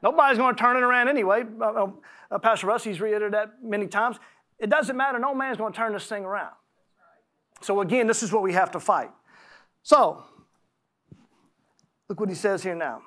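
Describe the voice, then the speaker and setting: A man with a high voice delivering a sermon. He swings between slow, emphatic scripture reading and relaxed, conversational storytelling. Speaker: preacher.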